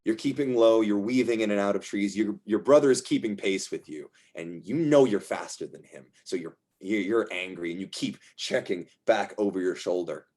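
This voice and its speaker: Soft-spoken low-voiced man narrating dreams. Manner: soft, slow descriptive narration with restarts. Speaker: game master. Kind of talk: narrating a tabletop game.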